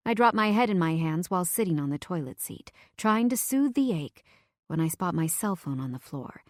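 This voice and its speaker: A woman's voice: on the low side, expressive, normal speed, no echo. Dry, close emotive female audiobook narrator. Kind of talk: first-person audiobook narration.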